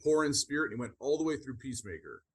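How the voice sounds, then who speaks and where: A man co-hosting a podcast, explaining theology in an earnest, halting way with many restarts. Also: mid-range voice, very animated, husky. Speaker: podcast co-host. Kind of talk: conversational teaching on theology.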